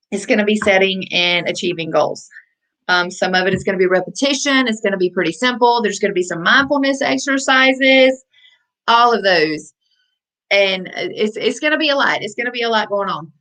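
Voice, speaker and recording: A woman's voice: mid-range voice, fairly bright tone, rough recording. A woman life coach giving a motivational talk, speaking conversationally and repeating phrases for emphasis.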